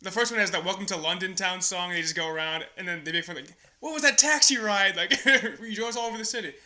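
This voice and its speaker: A man's voice: high voice, fast, pushed and bright. A young man co-hosting a podcast, chatting casually and gushing with enthusiasm about movies. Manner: enthusiastic, gushing, laughs often. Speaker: podcast co-host. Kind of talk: casual movie review chat.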